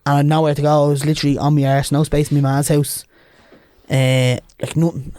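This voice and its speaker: A man with a Dublin accent, a podcast guest telling stories in a lively, chatty way and swearing freely. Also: on the high side, fairly quick, no room sound. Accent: Dublin Irish. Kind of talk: casual storytelling.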